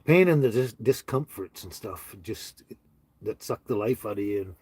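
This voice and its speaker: A man hosting a casual livestream on his phone, talking slowly to viewers with many fillers and halting restarts. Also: on the low side, animated, darkish tone, husky, no echo. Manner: slow, halting, sympathetic talk with many fillers. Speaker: livestream host. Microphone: handheld phone.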